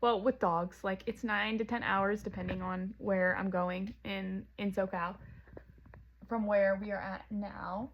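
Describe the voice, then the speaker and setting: A woman's voice: medium pitch, fairly even intonation, measured pace, lo-fi sound, a little hiss or hum. A woman from Southern California, chatting casually to the camera at home while she packs, rambling with lots of "like" and "um.". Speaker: vlogger.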